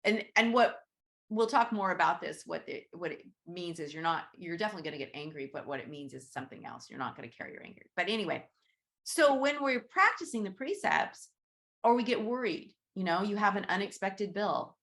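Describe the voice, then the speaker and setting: Hosting a relaxed group teaching session by video call, this Reiki teacher speaks fairly quickly with big pitch swings. Her medium-pitched voice is gravelly and a bit bright, and she keeps things conversational, repeatedly asking "right?" and voicing her inner thoughts aloud.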